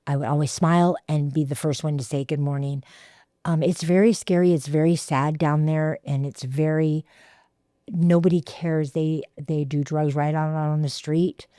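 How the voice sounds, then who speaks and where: Halting woman in her sixties. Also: sits low, fairly even intonation, dark tone, no echo, studio quality. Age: 60s. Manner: halting, repeats words, many fillers. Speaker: guest sharing her recovery story. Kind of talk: heartfelt personal testimony.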